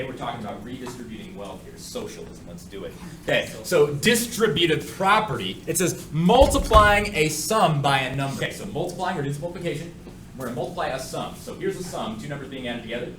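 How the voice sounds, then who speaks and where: Man, math teacher in a classroom, animated and joking, swinging pitch, echoey room with faint noise. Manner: joking, lively, asides to students. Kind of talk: classroom lecture.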